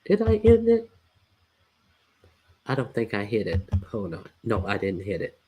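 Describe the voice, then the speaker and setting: A woman's voice: a bass voice, huge pitch swings, a little slow, dark tone, slightly rough. A woman hosting a casual livestream, chatting loosely with laughing asides. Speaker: livestream host.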